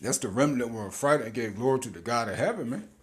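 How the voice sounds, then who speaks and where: A man's voice: mid-range voice, fast. A man, giving an informal scripture teaching as a street preacher, slangy and laughing often, with repeated words.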